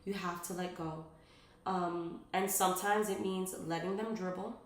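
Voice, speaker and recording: A woman's voice: on the low side, fairly even intonation, normal speed. A young woman and mother giving casual, earnest parenting advice in a chatty vlog, rambling with many fillers. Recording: roomy echo.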